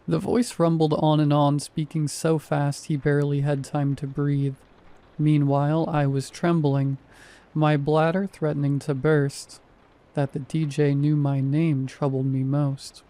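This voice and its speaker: A man in his thirties reading a first-person horror story in a measured, wry, deadpan way. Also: a little high. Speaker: narrator.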